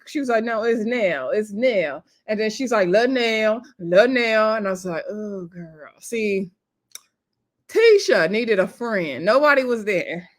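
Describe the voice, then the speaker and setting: A woman's voice: fairly high pitch, a bit bright. A woman casually recapping a reality TV episode, chatty and laughing often, acting out cast members' lines. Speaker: TV show reviewer.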